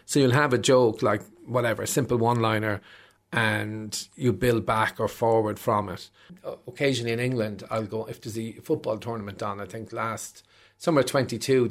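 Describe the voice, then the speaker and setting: Gravelly Irish man in his fifties. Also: on the low side, moderate pace. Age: 50s. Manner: animated storyteller acting out voices. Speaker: stand-up comedian guest. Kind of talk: casual interview chat.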